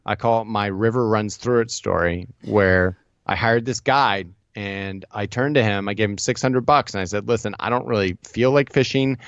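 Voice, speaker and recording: A man's voice: on the low side, normal speed, clear, resonant tone, no echo, highs cut off. A man telling stories with lots of energy as a guest in a casual podcast interview. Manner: energetic, animated storyteller. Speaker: podcast guest, ad agency partner.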